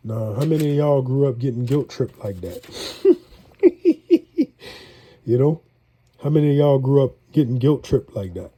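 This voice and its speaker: A congested man with a New drawl talks viewers through his cooking in a loose, folksy ramble. His voice is very dark and a touch husky. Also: medium pitch, normal speed, long pauses. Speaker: home cook. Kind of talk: casual cooking vlog.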